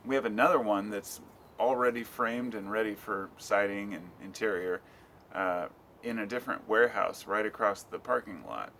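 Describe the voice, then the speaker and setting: Middle-aged American man, casual rambling vlog, somewhat low voice, faint room hum. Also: moderate pace, a bit bright. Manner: loose, rambling, swears casually. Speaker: vlogger. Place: at home.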